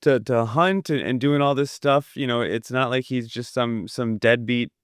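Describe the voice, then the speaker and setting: Man, podcast co-host, clear mid voice, dry close mic, eager rambling film talk. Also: medium pitch, normal speed, dry recording. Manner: enthusiastic, rambling with restarts. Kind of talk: casual film review chat.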